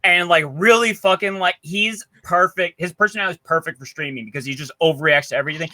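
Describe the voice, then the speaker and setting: High, bright-voiced guy ranting casually. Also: fast talker, few pauses. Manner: loose, profane, enthusiastic storytelling. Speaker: podcast co-host presenting a segment. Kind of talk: casual chat.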